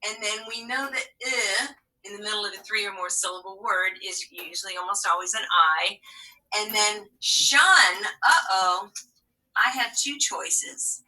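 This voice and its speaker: Bright-voiced teacher, far from the mic. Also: female voice, medium pitch, normal speed. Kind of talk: remote phonics lesson.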